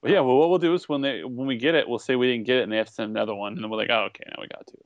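A man who is a filmmaker, a guest on a podcast, trading quick wisecracks. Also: medium pitch, no room sound, muffled recording. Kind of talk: casual podcast chat.

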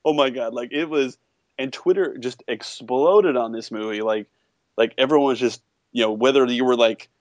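A young man co-hosting a casual podcast, retelling a movie plot with lively, acted-out quotes. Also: mid-range voice, moderate pace, dry recording, muffled recording. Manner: animated storytelling, acts out quotes in a raised voice. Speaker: podcast co-host.

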